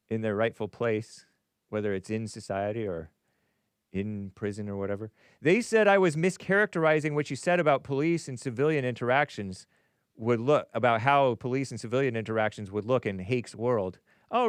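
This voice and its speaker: A male call-in host who rambles through viewer messages, chuckling and tossing off playful asides. His voice is smooth and resonant and sits at a medium pitch. The sound is dry and close, with no room echo. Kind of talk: casual live-stream talk, reading viewer messages aloud.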